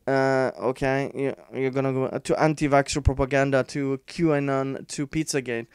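A man's voice: medium pitch, little pitch movement, clear, resonant tone, dry recording, clean studio sound. Exasperated sarcastic male commentator. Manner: frustrated, sarcastic, halting with many fillers. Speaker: online commentator. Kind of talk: reading and reacting to an article.

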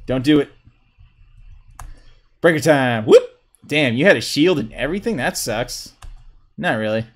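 A young man livestreaming a fighting game, commenting excitedly, trash-talking opponents and whooping at big hits, with keyboard clicks behind him. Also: medium pitch, measured pace. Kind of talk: live gameplay commentary.

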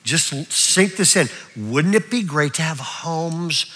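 Bright-voiced older male preacher, high-pitched. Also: slow. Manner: lively, chatty preaching with frequent check-ins. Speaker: pastor. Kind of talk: live sermon. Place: church auditorium.

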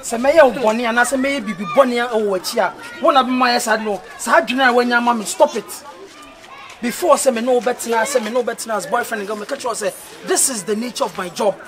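A man's voice: very high voice, fast. A Ghanaian man acting a young doctor who defends himself to his girlfriend in a film drama, pleading. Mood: defensive. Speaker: actor. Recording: loud crowd noise behind.

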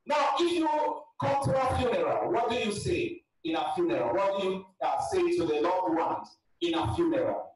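A man from Africa preaching a funeral sermon in a church. He talks emphatically, often shouts, and calls out to the congregation. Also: high voice, very animated, moderate pace, hardly any pauses. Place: large church hall. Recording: very echoey church from far off, with music.

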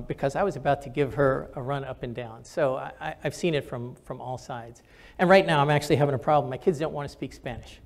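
A man's voice: mid-range voice, a little mellow. An older man, a retired general and physician, answering audience questions with candid stories and frequent fillers.

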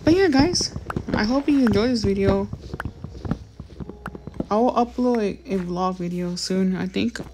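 A woman's voice: mid-range voice, measured pace, pauses often, background noise. A young female gaming host giving rambling, casual commentary on her gameplay and talking straight to her viewers. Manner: chatty, rambling, addresses viewers as guys.

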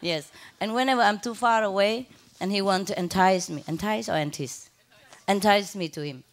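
A woman spiritual teacher telling stories to her followers in a casual, animated way, laughing often. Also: mid-range voice, moderate pace. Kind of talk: casual storytelling talk to followers.

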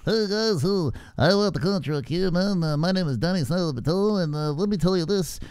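A woman's voice: fairly low pitch, animated, normal speed, a little mellow, clean tone, dry recording, clean studio sound, pitched below the performer's own voice, close to an everyday voice. Woman doing a dopey tough-guy fighter. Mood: mocking. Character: boastful young male fighter, dopey.

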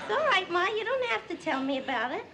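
A caring young daughter, anxious and coaxing, with a very high, lively voice. A studio audience can be heard on the noisy old sitcom soundtrack. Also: female voice, over a noisy crowd, heavily acted. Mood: worried. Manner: quick, coaxing.

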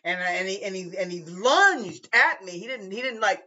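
A woman's voice: mid-range voice, moderate pace, sharp tone, lo-fi sound. A woman who drives a bus, telling a casual story with many restarts and asides. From Portland, Oregon, US.

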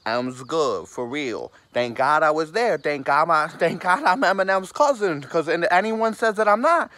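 A man's voice: fairly high pitch, lively intonation, moderate pace, sharp tone. A man in a comedic sketch monologue, rambling and repeating his filler phrases over and over. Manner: rambling, repeats "for real" and "or whatever".

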